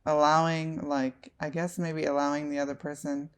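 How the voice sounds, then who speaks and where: A woman co-hosting a casual podcast chat with her husband, giving dry, hesitant, low-key answers. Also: level tone, normal speed, clean tone. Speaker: podcast co-host.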